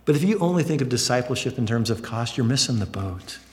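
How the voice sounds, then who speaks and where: Man preaching, animated delivery, mid-pitched voice, long hall reverb. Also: fast talker. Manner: animated, acts out excited voices with big pitch jumps. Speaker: pastor. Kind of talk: sermon.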